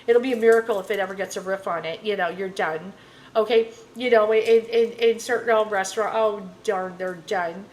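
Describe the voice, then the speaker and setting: A woman's voice: mid-range voice, fairly even intonation, moderate pace, darkish tone, low-quality recording. A woman tarot reader talking to camera in a casual, rambling rant, blunt and full of filler phrases.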